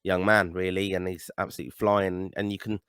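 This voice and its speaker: A man's voice: low-pitched, flat delivery, a little fast, fairly bright tone, smooth, dry recording. An Irish man co-hosting a podcast, chatting casually about football with emphatic, blunt opinions. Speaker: podcast co-host.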